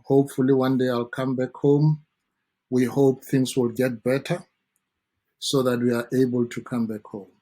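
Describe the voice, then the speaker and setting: A South African man, a dentist guest on a talk show, explaining his subject in an earnest, measured way. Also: mid-range voice, little pitch movement, mellow.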